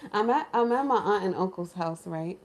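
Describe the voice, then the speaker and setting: A woman from New York, a lifestyle vlogger, telling a story in casual chat in her home kitchen, animated and laughing, acting out other people's voices. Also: medium pitch, unhurried. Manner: animated, laughing, acts out crying voices in quotes.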